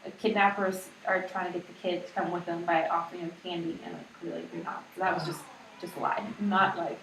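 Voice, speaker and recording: A woman's voice: on the low side, little pitch movement, a little fast. A woman teaching a class, explaining in a casual, chatty way with many fillers. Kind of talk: classroom lecture. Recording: echoey room, distant mic, noisy.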